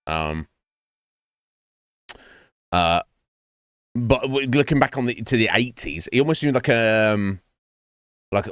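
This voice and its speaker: Rambling, sweary man, low voice. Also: a bit bright, dry recording, studio quality. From England. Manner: rambling, sweary, self-mocking. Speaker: streamer. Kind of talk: casual chat while gaming. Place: home streaming setup. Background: faint game music.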